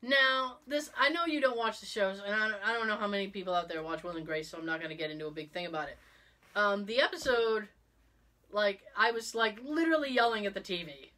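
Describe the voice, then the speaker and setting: A middle-aged woman hosting a podcast, telling stories in an animated, casual way with frequent laughs. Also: mid-range voice, fairly quick. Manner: animated storyteller, exclaims and laughs often. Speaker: podcast host. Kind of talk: casual chat.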